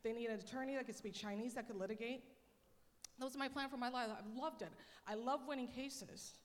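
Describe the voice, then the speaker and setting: A woman missionary speaking to a church congregation in a chatty, animated storytelling manner. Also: fairly high pitch, a little fast. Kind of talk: church talk. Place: church hall. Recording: long reverb of a large hall.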